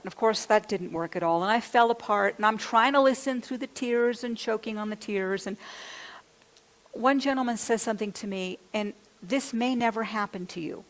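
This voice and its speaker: A woman minister gives a sermon, telling a candid, confessional personal story and quoting her own thoughts aloud. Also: medium pitch. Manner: candid, confessional storytelling with quoted self-talk. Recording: long hall reverb.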